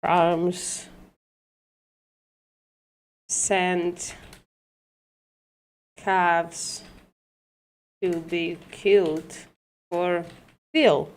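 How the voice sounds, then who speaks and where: A woman with a low-leaning voice hosts a casual livestream teaching logic, speaking slowly with long pauses and a flat delivery. As she works through an argument she halts, corrects herself, swears lightly, and laughs at herself.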